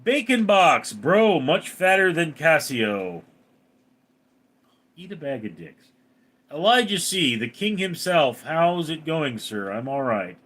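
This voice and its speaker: A young man hosting a casual livestream, reading chat out loud and firing back jokes. His voice is fairly high for a man and swings a lot in pitch, with a bright, forward tone. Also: big pitch swings. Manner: joking, reacting quickly to chat messages.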